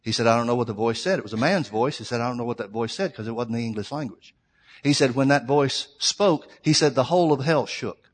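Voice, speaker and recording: A male pastor preaching a sermon, telling a story and swinging between loud, fervent preaching and quiet asides. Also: mid-range voice, fast. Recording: long hall reverb.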